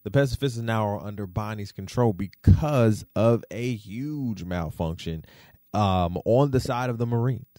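A man hosting a podcast, giving casual, slangy commentary that swings into animated rants. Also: fairly low pitch, a little slow, dry recording, studio quality. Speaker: podcast host.

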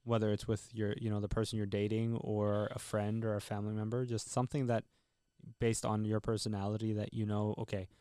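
A man co-hosting a podcast in casual chat, speaking in a measured way and asking follow-up questions. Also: fairly low pitch, little pitch movement, mellow, clean tone, no echo, clean studio sound. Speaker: podcast co-host.

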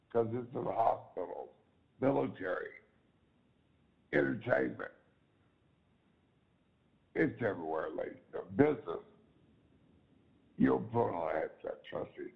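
A man with a very gravelly voice hosts an online talk show at an unhurried pace, his pitch swinging up and down. He is enthusiastic, repeats himself, and addresses the audience as ladies and gentlemen. The audio is dull and lo-fi, like an online call. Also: lively intonation. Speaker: show host.

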